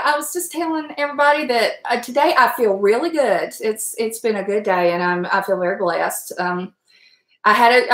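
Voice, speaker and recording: A middle-aged woman, chatting casually on a live stream, emotional and quick to laugh as she reads comments. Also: a little high, fairly bright tone, roomy sound.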